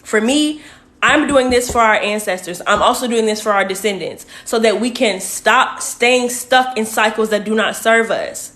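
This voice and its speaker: A woman with a fairly high voice talks straight to her viewers like a coach. She speaks casually into a phone, direct and familiar, calling her listeners "y'all.". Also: normal speed. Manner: warm, direct, uses "y'all" and "baby". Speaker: spiritual coach. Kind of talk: casual livestream talk to viewers.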